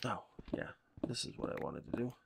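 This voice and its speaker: Talking fairly quickly over a noisy background, a man from Salem, Massachusetts runs a gaming channel. He comments on his game in a rambling, chatty way and doesn't hold back on profanity.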